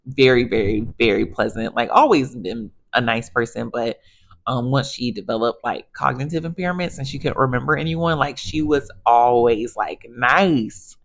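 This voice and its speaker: A woman with a low-pitched voice talks casually to her viewers. She is a physical therapist sharing work stories in a chatty, animated monologue. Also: moderate pace.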